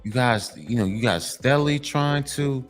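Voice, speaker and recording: Man, blunt lecturing monologue, repeats himself, swears, middle pitch, faint music behind. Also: lively intonation, moderate pace. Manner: emphatic and repetitive, lecturing; profane, blunt. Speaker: commentary channel host. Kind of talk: monologue addressed to men.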